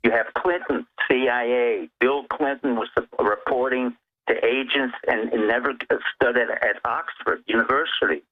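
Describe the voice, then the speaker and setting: A phone-in guest with a medium-pitched voice and fairly even intonation speaks at normal speed over a tinny telephone line. He delivers emphatic political commentary, laying out his points one by one like a lecture.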